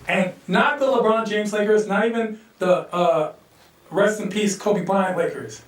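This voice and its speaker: A male stand-up comedian telling a loose, animated story and acting out the quotes, at a live comedy venue. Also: high-pitched, a little slow. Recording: echoey room, distant mic.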